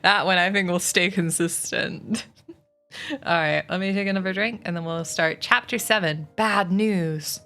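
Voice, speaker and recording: A woman's voice: on the low side, unhurried. A woman streaming a book reading, narrating chapters and chatting with viewers in a giggly, friendly way. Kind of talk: casual livestream storytelling. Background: soft music.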